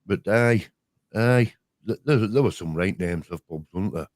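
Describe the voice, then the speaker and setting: A man's voice: low-pitched, normal speed, a little mellow, dry recording. An older man with a Yorkshire accent, rambling through broad-dialect memories in casual chat as a show's co-host. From Yorkshire, England. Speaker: podcast co-host.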